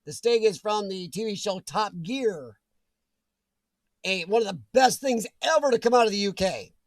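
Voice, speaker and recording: Guy with a highish voice doing a chill stream chat, reads comments, laughs a lot, dry sound. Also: lively intonation, normal speed, dry recording. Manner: chatty, laughs often, jokes with viewers. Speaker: livestream host reading chat. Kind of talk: casual chat.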